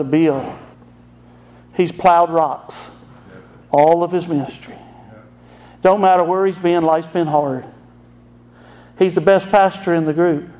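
A man's voice: fairly high pitch, darkish tone. A middle-aged man, a pastor telling an emotional family story in a folksy sermon.

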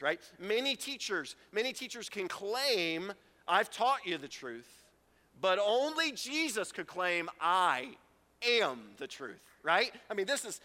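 Bright high-voiced pastor in a hall. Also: male voice. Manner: animated, acts out quotes, laughs often. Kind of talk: sermon. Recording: reverberant hall.

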